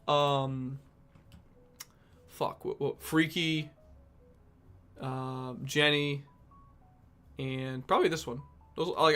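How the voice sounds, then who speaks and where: A young man with a somewhat high, slightly bright voice streams himself reacting to obscure songs, rambling casually, thinking out loud, and swearing a lot. It's laid-back music reaction chat, with the songs he plays faintly audible behind him.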